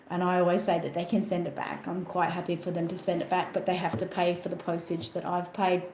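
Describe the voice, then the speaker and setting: A woman's voice: lowish voice, monotone, a little fast, few pauses, darkish tone, roomy sound, low-quality recording. An Australian woman hosting a casual Q&A, chatty and emphatic, often repeating words for stress. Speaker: channel host answering viewer questions. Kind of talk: casual livestream Q&A chat.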